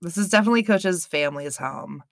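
A woman's voice: fairly low pitch, lively intonation, fast talker, gravelly, no room sound, clean studio sound. A woman co-hosting a podcast, chatting casually, blunt and teasing, swearing now and then. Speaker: podcast co-host. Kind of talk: casual chat.

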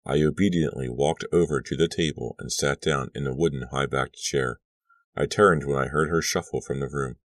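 A man reading an audiobook aloud as first-person narration, steady and measured. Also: extremely low pitch, dry recording, studio quality. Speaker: audiobook reader.

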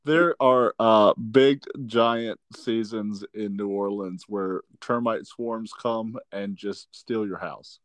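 A man's voice: on the low side, fairly even intonation, takes it slowly, few pauses, no echo. A man co-hosting a podcast in casual chat, wry and teasing, laughing often. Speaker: podcast co-host.

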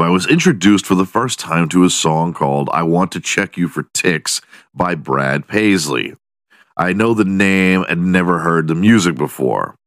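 Deep-voiced man in a crude podcast ramble. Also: dry recording, studio quality. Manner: crude, rambling, laughs at his own jokes. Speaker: podcast host. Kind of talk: casual comedic monologue.

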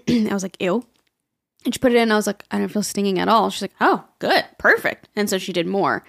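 A woman's voice: mid-range voice, quick pace, gravelly. A young woman co-hosting a podcast, telling a story in casual chat, acting out the people she quotes and laughing often. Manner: animated, acts out quoted people in raised voices, laughs often. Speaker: podcast co-host.

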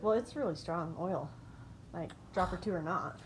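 A woman's voice: on the low side, normal speed, slight background noise. A young woman co-hosting a casual podcast, trading teasing banter and laughing often. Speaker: podcast co-host. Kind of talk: casual chat.

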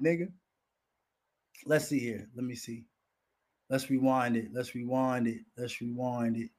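A man's voice: medium pitch, fairly even intonation, measured pace, pauses often, a little mellow. A man hosting a profane, casual commentary show, rowdy and swearing constantly as he riffs on clips.

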